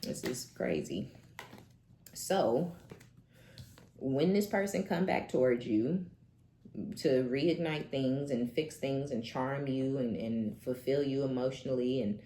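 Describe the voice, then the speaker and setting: A woman doing a casual tarot reading, talking in an animated, profane way with laughing asides. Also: extremely low pitch, takes it slowly, pauses often, slight background noise. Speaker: tarot reader. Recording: echoey room.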